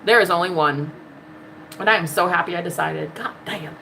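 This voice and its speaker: A woman's voice: fairly low pitch, moderate pace, creaky, pushed and bright, a little hiss or hum, rough recording. Sassy, emphatic woman ranting to camera. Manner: sassy and emphatic, profane, repeats "honey". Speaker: spiritual love-reading vlogger. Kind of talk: impassioned spiritual monologue. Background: music.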